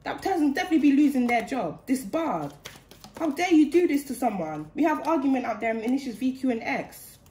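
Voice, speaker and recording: A woman's voice: sits high, big pitch swings, fairly quick, dark tone, slight background noise. A woman giving a channeled spiritual reading in an indignant, heated way, repeating phrases for emphasis. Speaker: spiritual card reader. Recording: roomy echo.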